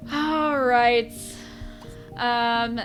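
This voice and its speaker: Young woman streamer, high bright voice, chatty and giggly, faint music under her. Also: steady tone, drawn-out words. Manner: chatty, giggly, talks to chat. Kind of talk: live gameplay commentary.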